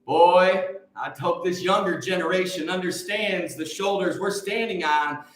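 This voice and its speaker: A man telling church stories to a live chat, swinging between quiet asides and shouted revival fervor. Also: sits high, a little slow, few pauses, roomy sound. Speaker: livestream host. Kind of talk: preacherly storytelling to a live chat.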